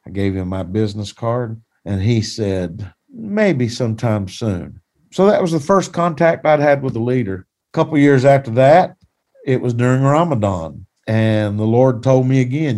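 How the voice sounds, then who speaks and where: A man's voice: mid-range voice, expressive, moderate pace, a little mellow. A man who is a pastor, telling a personal testimony in a plain-spoken, folksy, earnest way.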